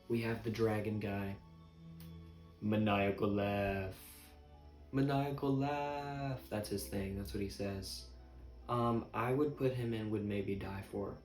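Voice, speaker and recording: Low-pitched man, casual rambling vlog chat, jokey and self-mocking, echoey room with faint music. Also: darkish tone, distant mic. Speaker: vlogger.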